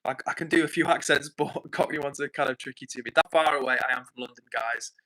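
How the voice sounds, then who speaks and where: A man's voice: medium pitch, quick pace, pushed and bright, poor audio. A man hosting a casual livestream, reading viewer comments aloud and chatting back in a rambling, apologetic way. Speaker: livestream host. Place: home in the north of England.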